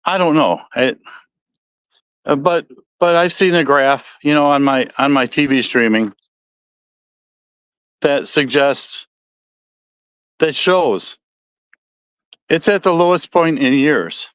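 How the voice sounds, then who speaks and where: A man's voice: a little high, takes it slowly, pauses often, a bit bright, clean tone, dry recording. A man with a Midwestern accent hosting a solo podcast, talking casually in a rambling, folksy way that often corrects itself. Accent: Midwestern American. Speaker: podcast host.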